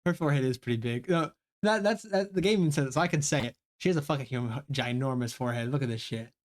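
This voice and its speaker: A man streaming live, reacting to a story game in an excitable, swearing, laughing way. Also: medium pitch, fast talker.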